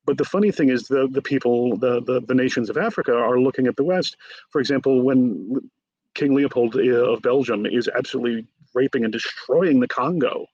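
A man, an author guest in a conversational interview, retelling stories in a lively way and acting out the quotes. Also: medium pitch, brisk, slightly rough, no echo, highs cut off. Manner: animated storyteller, acts out quotes.

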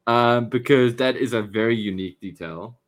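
A man's voice: mid-range voice, normal speed. Rambling enthusiastic man on a podcast. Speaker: podcast co-host. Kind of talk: casual chat.

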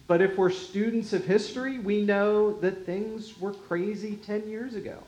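A pastor preaching a sermon at a slow, deliberate pace. The voice is mid-pitched and often sinks to a quiet hush at the ends of phrases. It rings with a roomy echo. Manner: measured, unhurried delivery with quiet drops in volume and light chuckles.

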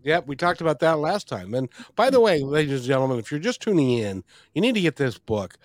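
A man's voice: on the high side, big pitch swings, fast, dry recording. Man, podcast host, friendly, plugging a book, dry close sound. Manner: friendly, repeats plugs for the guest's book. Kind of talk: podcast interview.

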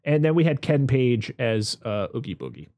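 A man's voice: medium pitch, sing-song, normal speed, warm tone, no echo, studio quality. A man co-hosting a casual movie podcast, chatty and given to exasperated rants. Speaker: podcast co-host.

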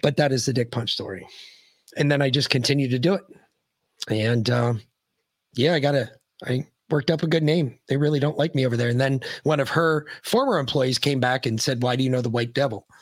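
A man's voice: mid-range voice, normal speed, no room sound, clean studio sound. Brash, joking man on a podcast. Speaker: podcast guest. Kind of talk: casual podcast chat.

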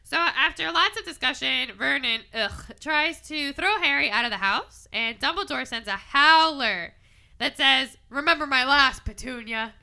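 High lively young woman. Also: creaky. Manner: animated, quick to laugh. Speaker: podcast co-host. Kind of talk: casual chat.

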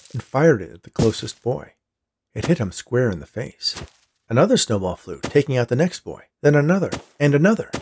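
A man reading a story aloud with a steady storytelling delivery. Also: mid-range voice, a little hiss or hum. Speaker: story reader. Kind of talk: audiobook narration.

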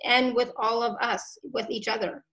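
A woman's voice: fairly high pitch, level tone, moderate pace, fairly bright tone, low-quality recording. A woman hosting a casual online show, effusive and grateful, laughing often as she talks. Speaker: host. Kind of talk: casual chat.

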